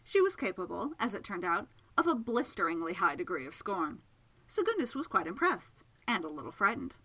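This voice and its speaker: A woman reading a novel aloud with an expressive, lively delivery, her pitch moving freely through the sentences. Her voice is bright and clear, with a crisp, forward tone. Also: fairly quick, low-quality recording. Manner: expressive storytelling. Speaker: audiobook narrator. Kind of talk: scripted narration.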